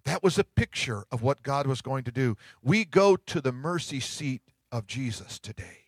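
A middle-aged man pastor giving a sermon, telling stories in a conversational way and dropping to hushed tones at tender moments. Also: medium pitch, expressive, normal speed, husky, dry recording. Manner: conversational storytelling preaching, drops to hushed tones.

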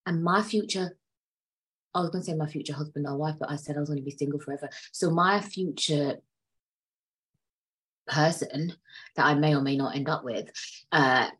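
A woman hosting her own solo podcast who talks in a profane, emphatic way, repeating herself and swinging between loud outbursts and quiet asides. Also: deep voice, moderate pace, pauses often, breathy edge. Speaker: podcast host.

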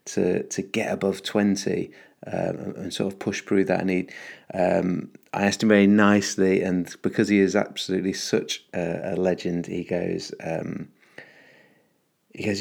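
Upbeat podcast host, very low voice with gravelly fry, rambling and full of ums. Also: male voice, little pitch movement, unhurried, a little mellow. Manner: rambling, upbeat, many fillers and restarts. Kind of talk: casual solo podcast monologue.

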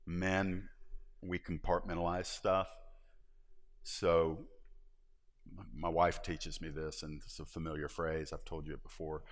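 Low-voiced male pastor preaching in a reverberant hall. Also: measured pace, long pauses. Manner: animated, jumps into high voices acting out David; conversational, joking asides to the congregation. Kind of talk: sermon. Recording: long reverb of a large hall.

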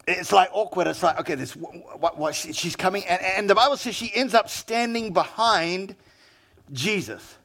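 High-voiced storytelling male pastor. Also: a bit bright. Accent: New Zealand. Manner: conversational storytelling preaching with quoted asides. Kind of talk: sermon.

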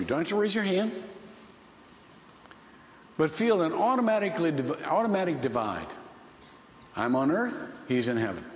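A man's voice: fairly high pitch, echoey room, big-room sound, a little hiss or hum. A man from Ohio preaching a sermon, telling a story with many restarts and rising emotional swells. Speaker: pastor.

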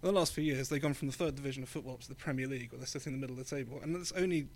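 An English man co-hosts a podcast, chatting casually in a medium-pitched voice at a rapid-fire pace. He is talkative, with lots of ums and easy laughter.

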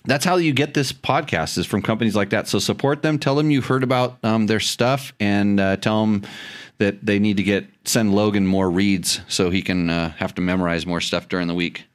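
A man's voice: fairly low pitch, steady tone, normal speed. A middle-aged man hosting a casual podcast, joking and teasing, often restarting his sentences. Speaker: podcast host. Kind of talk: casual chat.

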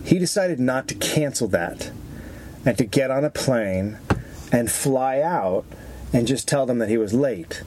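A man's voice: mid-range voice, lively intonation, a little slow, a little mellow, slight background noise. A man co-hosting a podcast, telling stories in a casual, swearing, laughing way. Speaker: podcast co-host. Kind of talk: casual storytelling chat.

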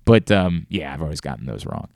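A man's voice: rumbling low, lively intonation, fairly quick, gravelly, darkish tone, no room sound, studio quality. A man hosting a sports talk show, ranting animatedly about mispronounced names with mock outrage. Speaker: sports radio host.

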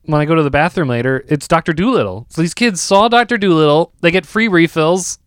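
Male podcast host, animated storyteller, smooth higher voice, dry close mic. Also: brisk, dry recording. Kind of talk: casual storytelling chat.

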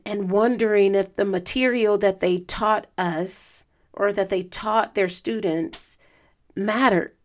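Earnest, strained woman podcast host. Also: mid-range voice. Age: adult student. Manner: earnest, reflective, emotional, with many fillers. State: strained voice from lack of sleep. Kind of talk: casual solo podcast talk.

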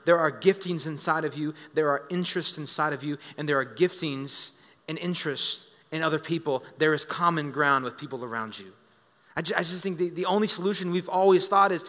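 A man in his thirties preaching a lively sermon as a pastor, joking with the congregation and repeating words as he builds a point. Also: sits high, fairly quick. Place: church. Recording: reverberant church hall.

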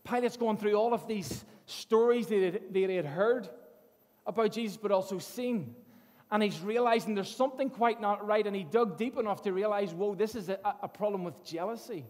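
A man's voice: high-pitched, normal speed, darkish tone. A man preaching a sermon, telling the story earnestly and often repeating his words as he goes. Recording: long hall reverb.

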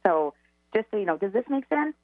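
A woman's voice: medium pitch, sing-song, fairly quick, no room sound. A woman working as a psychic medium co-host, doing a call-in radio reading in a bubbly way with frequent laughter. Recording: tinny phone line.

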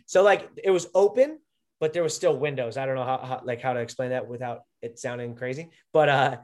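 A man's voice: medium pitch, brisk. A young man, a podcast guest and former wrestler, telling stories casually with lots of fillers and restarts. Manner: rambling, filler-heavy storytelling. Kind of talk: casual conversation.

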